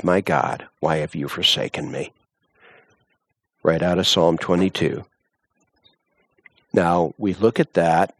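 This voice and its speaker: A man preaching a sermon, slow and deliberate, reading scripture and rising into impassioned appeals. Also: sits low, no echo.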